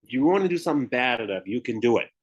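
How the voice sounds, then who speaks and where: A man's voice: medium pitch, expressive, racing, lo-fi sound. A man with a Southern US accent, a guest on a podcast, telling his story candidly and laughing often. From Memphis, Tennessee, US Southern. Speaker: guest, retired pro bodybuilder and author. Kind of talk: podcast interview.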